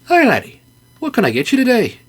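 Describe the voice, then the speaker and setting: A man voicing a friendly, concerned male bartender who talks in a chatty way with a jumpy pitch. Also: wildly swooping pitch, a little fast, slightly rough, full character voice.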